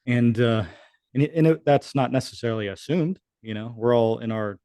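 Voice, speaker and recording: A military veteran in his thirties, guesting on a podcast, tells a war story casually and profanely, acting out the dialogue he quotes. His medium-pitched voice is brisk and dark, recorded with studio quality and no echo.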